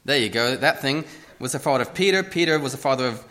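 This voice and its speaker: A man's voice: medium pitch, animated, fast, a bit bright. A man giving a casual, self-deprecating sermon into a lectern microphone in a church. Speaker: lay preacher. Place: church hall.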